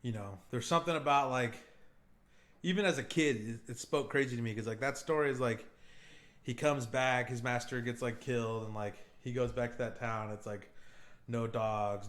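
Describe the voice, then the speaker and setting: A young man on a podcast, excitedly retelling a favorite film scene with lots of fillers and swearing. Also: lowish voice. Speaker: podcast co-host. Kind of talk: casual podcast chat.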